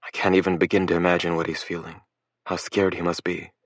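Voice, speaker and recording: A man reading a first-person story aloud in an even, measured way. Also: deep voice, no echo, studio quality. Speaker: audiobook narrator.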